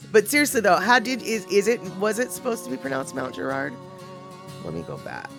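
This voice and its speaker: A woman's voice: mid-range voice, big pitch swings, moderate pace, music in the background. A woman livestreaming, rambling casually and greeting viewers in the chat.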